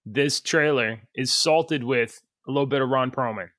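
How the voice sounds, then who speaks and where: Bright-voiced man hosting a podcast. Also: medium pitch, moderate pace, no echo, studio quality. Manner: playful, teasing setups. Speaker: podcast co-host. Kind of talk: casual chat.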